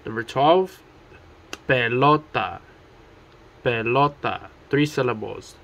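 Man, language tutor, very slow pace, repeats words, mid-pitched. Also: animated, vocal fry, a bit bright. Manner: slow, deliberate, repeating each word. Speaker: Spanish tutor. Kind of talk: teaching vocabulary at a board.

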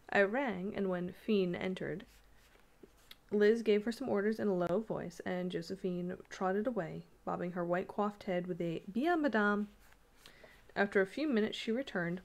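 A woman reading a classic short story aloud in a calm, even storytelling manner. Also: on the low side. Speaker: reader.

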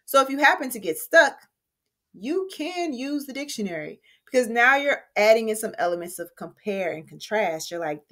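A woman's voice: on the high side, sing-song, normal speed, fairly bright tone. Woman teacher explaining an essay lesson. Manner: friendly, conversational, explaining step by step. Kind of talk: recorded writing lesson.

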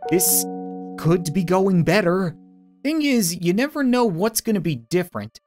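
A man's voice: high-pitched, very animated, measured pace, a little mellow, faint music behind. A man giving sarcastic, jokey commentary while playing a video game. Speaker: gaming YouTuber. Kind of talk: let's play commentary.

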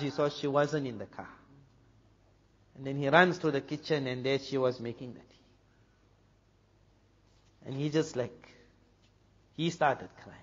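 Man, preacher, from South Africa, animated storyteller, muffled lo-fi sound. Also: on the high side. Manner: animated storyteller, drops to a hush for drama. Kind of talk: storytelling talk. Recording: dull lo-fi recording with long hall reverb.

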